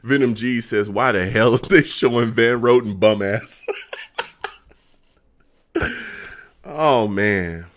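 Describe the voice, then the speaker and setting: A man's voice: medium pitch, slow pace, long pauses, a bit bright. A young man on a live stream reacting to a football game, laughing constantly and exasperated, talking in slang to his chat.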